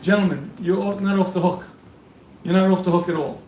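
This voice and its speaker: A high-voiced man lectures a live audience as a rabbi, pressing his points with emphatic repetition. He sounds distant from the mic in an echoey hall with faint noise behind. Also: fairly quick, a little mellow. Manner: emphatic, repeats warnings, acts out questions. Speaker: rabbi giving a marriage seminar.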